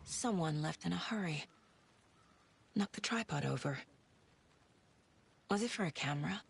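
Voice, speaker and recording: A gravelly, measured FBI profiler. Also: female voice, fairly low pitch, expressive, exaggerated voice. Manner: measured, analytical. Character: composed woman FBI profiler. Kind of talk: video game dialogue.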